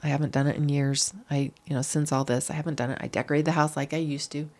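A woman's voice: low-pitched, fast talker. Earnest middle-aged woman telling her story. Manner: earnest, animated, acts out quoted voices. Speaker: guest. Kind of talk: emotional personal storytelling.

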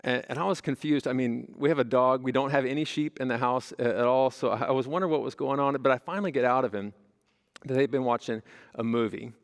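A man's voice: medium pitch, fast, gravelly. A man preaching a sermon as pastor, talking to his congregation in a conversational way, with rhetorical questions and personal stories. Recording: long reverb of a large hall.

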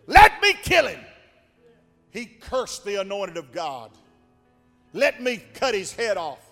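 A man playing a hot-headed male warrior who begs to kill, shouting high and urgent in an echoey hall. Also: wildly swooping pitch, takes it slowly, faint music behind, heavily acted. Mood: furious.

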